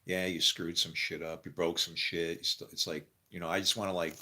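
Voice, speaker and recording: Man, lowish voice, rambling monologue, frequent laughs, trails off into mumbles. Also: little pitch movement, a little fast, bright, forceful tone. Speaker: storyteller.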